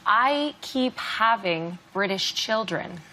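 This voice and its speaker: A woman comedian on a panel show joking with playful deadpan mock outrage. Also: mid-range voice, slow, a little hiss or hum. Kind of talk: stand-up style topical jokes.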